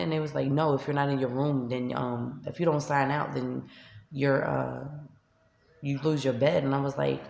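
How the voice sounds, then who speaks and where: A woman's voice: rumbling low, level tone, normal speed, creaky, a little mellow, echoey room, a little hiss or hum. A woman with a New York accent, a shelter resident venting to camera in a vlog, upset and tearful as she retells an argument. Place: shelter room by a street window.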